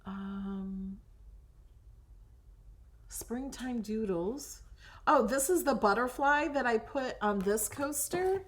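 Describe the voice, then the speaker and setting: A woman's voice: fairly high pitch, lively intonation, takes it slowly, long pauses. A woman hosting a casual crafting tutorial, chatting and thinking aloud as she browses designs, sometimes dropping to a whisper over things she likes.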